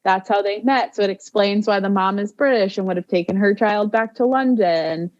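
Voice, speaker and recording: A woman's voice: mid-range voice, normal speed, a little mellow, highs cut off. A woman co-hosting a podcast in casual chat, enthusiastic and insistent. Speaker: podcast co-host.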